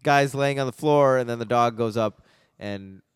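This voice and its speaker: A man's voice: medium pitch, moderate pace, smooth, dry recording, studio quality. A man in casual podcast chat, animatedly retelling movie scenes and acting out lines. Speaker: podcast co-host.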